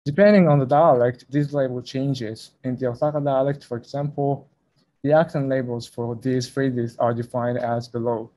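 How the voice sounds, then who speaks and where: A man's voice: medium pitch, steady tone, normal speed, dark tone. A young man presenting a research talk at a conference over a video call, speaking carefully and a little hesitantly.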